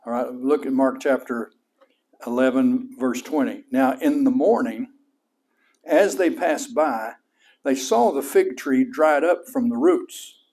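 Taking it slowly, a middle-aged man preaches as pastor in a West Texas accent; he's folksy and animated, and his voice rises high when he presses a point.

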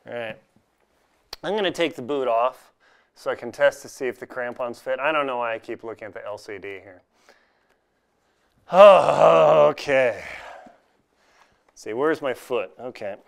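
A man chats casually in a home unboxing vlog, reviewing gear while joking and laughing at himself. His mid-range voice is a little slow with vocal fry, and he pauses often.

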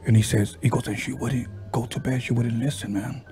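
A man hosting a podcast, casually retelling a ghost story he heard and slipping into the voices of the people in it, with halting restarts. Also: mid-range voice, steady tone, mellow, faint music behind. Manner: halting, with frequent restarts and fillers. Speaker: podcast host.

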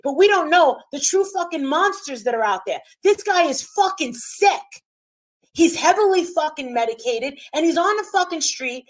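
High-voiced woman ranting heatedly. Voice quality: constant swearing, blunt and combative. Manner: talks over others, repeats herself for emphasis. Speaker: livestream host. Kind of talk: heated livestream rant.

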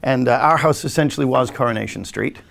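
Here the podcast host, a hypnotist from England in his sixties, reminisces about growing up in a loose, meandering way, imitating relatives as he goes. He talks quickly in a gravelly, medium-pitched voice with a fairly bright tone.

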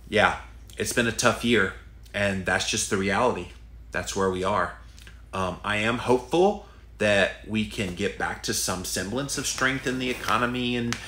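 A middle-aged podcast host with a Southern US drawl answers listener questions in a candid, folksy way, often pausing on "uh" and "um." His voice sits a little low. It is bright and pushed forward, and it echoes around a live room. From Southern United States. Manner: folksy, candid, thinks aloud with fillers.

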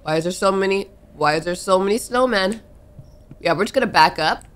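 A young woman narrating a horror game as she plays, excitable and talking to the characters on screen. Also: mid-range voice, a little fast. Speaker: gaming YouTuber. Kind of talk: let's play commentary.

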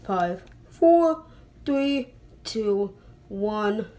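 A woman's voice: mid-range voice, animated, extremely slow. A woman with a slight British accent, talking casually to the camera in her bedroom, rambling and apologizing often. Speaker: vlogger. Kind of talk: casual home vlog. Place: bedroom at home. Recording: noisy home recording.

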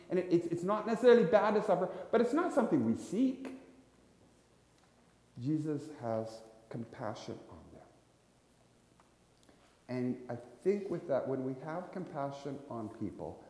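A man's voice: mid-range voice, dark tone. A man preaching a sermon as a visiting missionary, telling stories in a conversational way with frequent restarts. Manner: conversational storytelling with restarts, voicing characters. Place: church sanctuary. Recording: echoey church hall.

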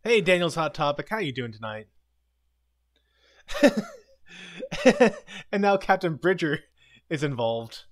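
Male stream host, slightly higher voice, loose chatty recap style, laughs easily. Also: big pitch swings. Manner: retells scenes with quick quoted lines, chuckles often. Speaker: live commentary host. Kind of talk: casual live-stream commentary.

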